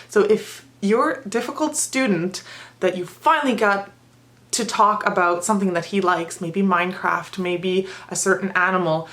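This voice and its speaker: A woman ESL teacher sharing tips in a lively storytelling way, acting out her students and herself. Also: medium pitch.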